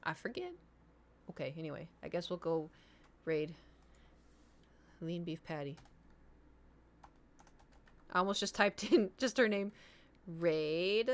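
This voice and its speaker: A woman's voice: on the low side, takes it slowly, pauses often. A young woman streaming, chatting casually with her viewers, rambling and self-deprecating, trailing off mid-thought.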